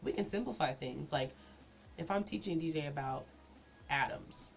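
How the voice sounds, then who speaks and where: A woman's voice: low voice, normal speed, gravelly, faint music behind. A woman hosting a casual livestream chat, explaining points conversationally and laughing along. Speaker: streamer host.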